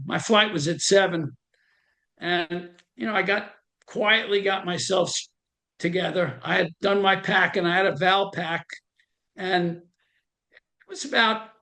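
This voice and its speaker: Older new guy in his 70s, higher voice, telling old war stories like a chat. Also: creaky, a bit bright. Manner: conversational, acts out the voices of people he quotes. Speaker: veteran interviewee. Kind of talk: oral history storytelling.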